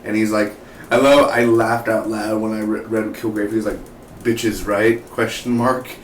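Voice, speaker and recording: A man's voice: lowish voice, level tone, normal speed. A man giving a casual, rambling recap of a TV episode, acting out the characters' lines as he goes. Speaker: TV reviewer. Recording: roomy, distant from the mic, faint noise.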